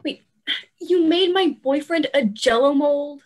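A woman's voice: sits high, a little slow. A young woman playing a sarcastic teenage girl on an adventure, speaking dryly. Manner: dry, sarcastic. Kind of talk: stage play acting.

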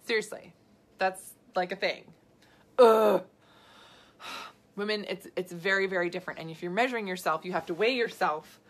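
Animated chatty woman coach. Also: mid-range voice, moderate pace, pauses often. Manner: animated, gesturing a lot while talking; chatty with frequent asides and laughs. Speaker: nutrition coach. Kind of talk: live video answering viewer questions.

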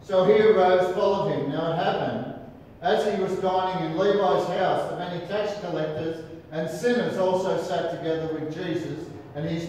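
A man's voice: high voice, darkish tone, slight background noise. An Australian man preaching a sermon as pastor, emphatic, with rhetorical questions and repeated calls to listen. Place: large church hall. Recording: echoey church hall from far off.

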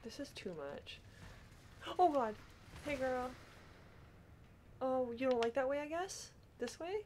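A woman's voice: sits high, expressive, takes it slowly, darkish tone, slight background noise. A young woman hosting a gaming vlog, talking casually and panicking and laughing a lot as she plays. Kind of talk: casual gameplay chat.

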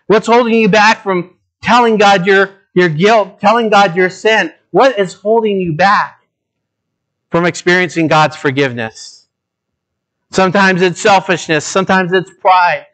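A male pastor delivers a sermon in a fairly high voice. He speaks earnestly and directly to his listeners, dropping low and slow to stress a point, then lifting into urgent appeals. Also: a bit bright. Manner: dramatic shifts between low, slow emphasis and raised, urgent appeals.

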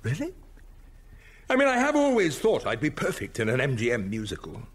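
An actor playing a vain, eccentric museum curator in a radio sitcom, talking in a pompous, theatrical way. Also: male voice, medium pitch, huge pitch swings, a little fast. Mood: grandiose.

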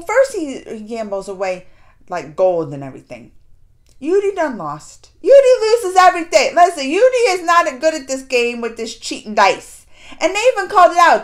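Woman with a high voice ranting through her reaction video, animated, laughs a lot. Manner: animated, exasperated retelling with laughs. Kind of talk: casual reaction commentary.

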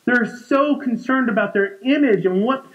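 A man's voice: very high voice, moderate pace, muffled recording. A man in his forties preaching a conversational sermon in a church, often repeating words and restarting sentences. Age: 40s. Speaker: pastor.

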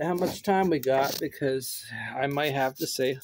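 A man's voice: mid-range voice, a little slow, slight background noise. A man chatting in a goofy, playful way on a casual home video, rambling and laughing often, recorded on a phone on a stand. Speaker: vlogger.

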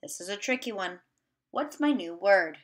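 This female teacher speaks in a mid-range, animated voice. Over video, she teaches little kids remotely, sounding out words at a slow pace and cheering them on.

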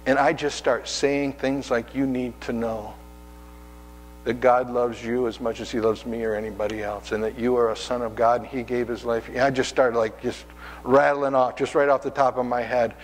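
A man's voice: mid-range voice, level tone, moderate pace, in a large hall, faint music behind, rough recording. A man preaching a sermon as pastor, telling personal stories in a conversational way and acting out the voices in them. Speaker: pastor and hospice chaplain. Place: church sanctuary.

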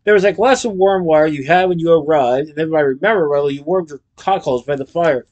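Sly, grasping landlady, put on by a male reader; low, wheedling, storybook. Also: brisk, a little mellow, dull audio, close to an everyday voice. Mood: greedy, sly. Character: greedy scheming landlady, older woman.

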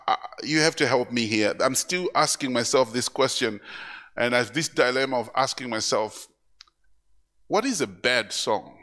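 A man preaching a live church sermon, animated, repeating words and acting out voices as he goes. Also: mid-range voice. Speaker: pastor. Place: church service.

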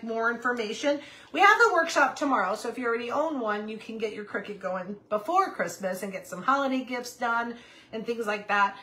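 Woman in her fifties, bright voice, slightly high, chatty crafting livestream host, faint background noise. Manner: chatty, reads viewer comments aloud, talks to her puppy. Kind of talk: casual livestream crafting chat.

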